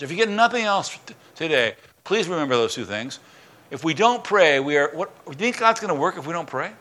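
Preaching to his congregation, this pastor sounds bright, forceful, and excited, his male voice pitched slightly high. His impassioned sermon alternates loud proclamations with quiet asides, and he frequently trips over his words and starts again.

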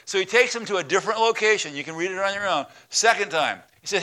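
A man's voice: high voice, fast, hardly any pauses, bright, forceful tone. A man preaching a sermon as a pastor, telling a story and acting out its voices.

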